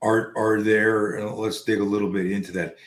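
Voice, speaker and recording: A man hosting a podcast over a call, telling a story in a casual, animated way and swearing freely. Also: on the low side, normal speed. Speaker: podcast host.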